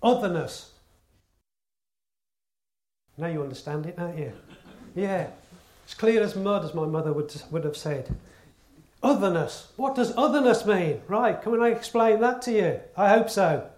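A man delivers a sermon with a fairly high voice. He presses each point earnestly, repeating words and asking rhetorical questions. The sound carries the echo of a church. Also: animated, a little slow, long pauses, a little mellow. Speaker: preacher. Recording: echoey room.

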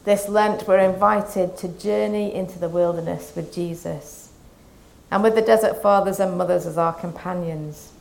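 Woman preaching a calm Lent sermon. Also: fairly low pitch, gravelly. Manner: calm, measured scripture reading and reflection.

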